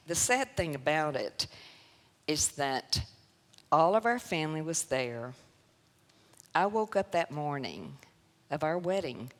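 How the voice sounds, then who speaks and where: Low-voiced Southern woman in a reverberant church. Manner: emotional storytelling, swings between laughter and sorrow. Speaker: guest speaker. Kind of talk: personal testimony to a church audience. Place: church sanctuary. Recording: long church hall reverb.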